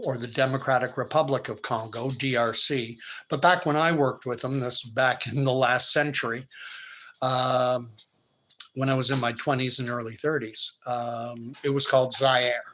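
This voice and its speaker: A Canadian man in his fifties, hosting and retelling a parable in a relaxed, conversational way. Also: medium pitch, low-quality recording. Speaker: host. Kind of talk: storytelling commentary.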